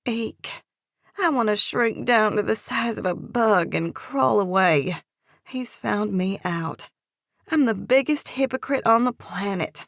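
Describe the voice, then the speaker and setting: A woman narrating a first-person romance audiobook with an expressive, lively character reading. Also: medium pitch, slow pace, creaky, no room sound, clean studio sound.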